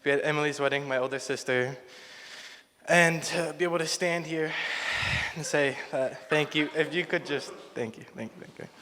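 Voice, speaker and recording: A young man giving a nervous, halting groomsman toast at a wedding, stumbling and restarting. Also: fairly high pitch, pushed and bright. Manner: halting, flustered, lots of restarts. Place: wedding reception hall. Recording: long hall reverb.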